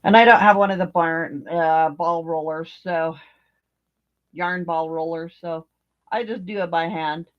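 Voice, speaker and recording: An older woman, a crochet vlogger, chats casually about her crochet while she works, rambling and thinking aloud with plenty of fillers. Her voice is lowish and steady in tone, a little slow. The home recording is dull and lo-fi.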